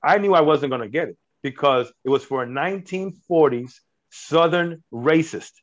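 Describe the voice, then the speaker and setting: A middle-aged filmmaker talks in a casual interview, earnest and meandering, full of fillers and restarts. His voice sits a little high. The audio is dull and lo-fi. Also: normal speed. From United States. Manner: earnest, rambling with many fillers and restarts, laughs at himself. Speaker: filmmaker and actor.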